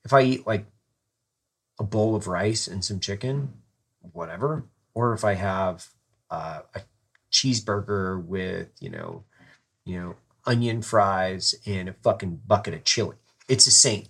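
A man hosting a podcast, chatting in an easygoing, profane way and chiming in with quick agreement. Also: low voice, lively intonation, gravelly, fairly bright tone, slightly rough. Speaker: podcast host. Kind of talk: casual chat.

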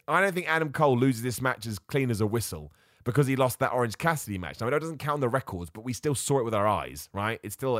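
An excitable man talks through his picks on a solo podcast, mocking himself as he jumps from one idea to the next. His pitch is middling but swings up and down a lot. The sound is close and dry, with no room echo. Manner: excitable, self-mocking, jumps between ideas. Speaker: podcast host.

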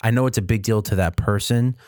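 A man co-hosting a casual podcast, talking in a relaxed, halting way with many fillers. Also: on the low side, no echo, studio quality.

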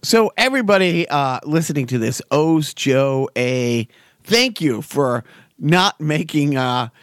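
A man's voice: on the high side, expressive, slow, smooth, faint music behind. A man co-hosting a casual podcast, rambling with many restarts. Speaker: podcast co-host. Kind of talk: casual chat.

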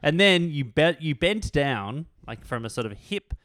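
A man co-hosting a casual podcast chat, an animated storyteller who tells about his voice acting auditions. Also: on the high side, measured pace, dry recording, clean studio sound. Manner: animated storyteller, lively retellings. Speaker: podcast co-host and voice actor.

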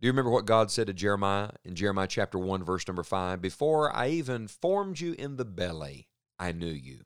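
A middle-aged man preaching a sermon in an earnest, measured way, pausing for emphasis. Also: on the low side, animated, clean tone, no room sound, studio quality.

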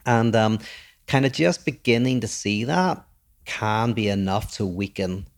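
A man with a fairly low, gravelly voice chats on a podcast. He thinks aloud and explains ideas in long, winding sentences. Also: animated, unhurried. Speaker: podcast co-host. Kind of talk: casual chat.

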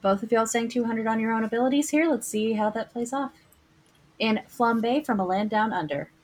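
A woman hosting a trivia game, reading questions aloud and playfully teasing the players. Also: medium pitch.

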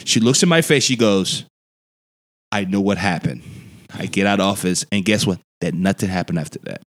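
A man telling a long personal story in a podcast chat, animated and profane, acting out the voices he quotes. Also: deep voice, fast talker. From Louisiana. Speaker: podcast guest. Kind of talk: casual storytelling.

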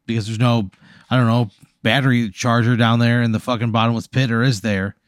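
A man's voice: medium pitch, flat delivery, fairly quick, no echo, studio quality. A man co-hosting a podcast, bantering in a sarcastic, exasperated, profane way. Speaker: podcast co-host. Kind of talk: casual banter.

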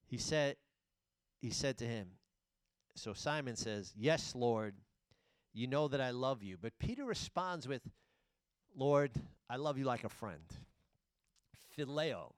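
Man preaching with dramatic loud-soft swings. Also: medium pitch, animated, slow pace, pauses often, smooth, dry recording. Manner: dramatic retelling, swings between loud and hushed. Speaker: pastor. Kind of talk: sermon.

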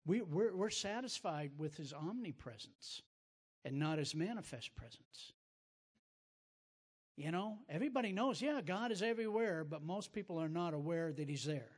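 Male host-preacher, slightly high pitch, emphatic teaching delivery, reverberant sound. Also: animated, normal speed. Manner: emphatic, repeats words as he builds a point. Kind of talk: sermon-like teaching.

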